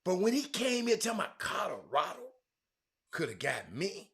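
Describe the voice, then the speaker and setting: Animated man hosting sports talk. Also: normal speed. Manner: emphatic, swings from loud outbursts to low asides. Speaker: sports talk show host.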